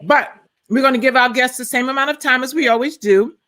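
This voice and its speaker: A woman's voice: high voice, brisk, a bit bright. A tired woman co-hosting a live online talk show, chatting casually and rambling while she waits for her co-host. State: tired from exhaustion. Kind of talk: casual live-stream chat.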